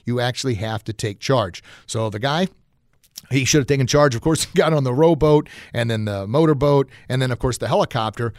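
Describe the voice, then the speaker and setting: A man's voice: medium pitch, a little mellow, no echo, studio quality. Folksy motivational podcast host, man. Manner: folksy, encouraging, frequent fillers. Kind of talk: motivational talk.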